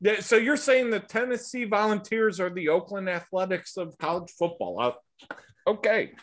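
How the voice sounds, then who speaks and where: A man's voice: sits high, moderate pace, a bit bright. A man hosting a casual sports podcast, joking and cursing freely. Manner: joking and profane. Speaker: podcast host.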